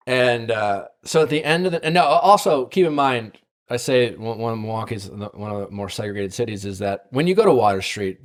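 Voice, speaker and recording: A man hosting a podcast, casually telling a long personal story, full of fillers and tag questions. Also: lowish voice. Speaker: podcast host.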